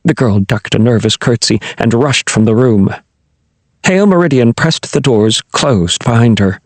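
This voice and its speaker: Husky man narrating an audiobook. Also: mid-range voice, no room sound. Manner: expressive, animated storytelling.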